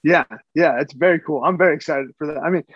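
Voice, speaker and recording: A man's voice: a little high, fast, husky, dry recording, muffled recording. A man co-hosting a podcast, talking in a loose, rambling way and repeating words as he thinks. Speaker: podcast co-host. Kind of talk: casual chat.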